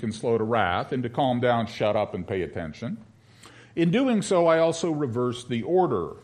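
A male pastor preaching a sermon, wry and conversational, slowing down to stress scripture phrases. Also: medium pitch. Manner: lively, wry preaching with slow, emphatic scripture reading.

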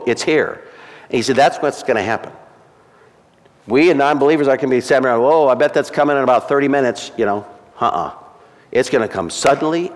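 A male pastor delivers a sermon in an emphatic, conversational way, slipping into quoted voices to drive a point home. His voice sits at an ordinary middle pitch. A long reverb trails each phrase, as in a church sanctuary.

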